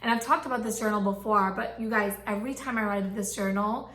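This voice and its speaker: A woman's voice: medium pitch, steady tone, a little fast, a bit bright. A young pregnant woman vlogging casually to her viewers, chatty and gushing with lots of fillers. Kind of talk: casual chat to camera. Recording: echoey room.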